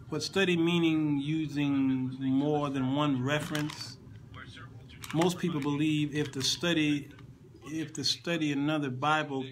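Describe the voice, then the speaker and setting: A man teaching a Sunday school lesson in a loose, conversational way, often restarting his words and joking with his listeners. His voice sits a little high for a man. Faint noise can be heard behind him. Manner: playful asides to online listeners. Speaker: Bible lesson host.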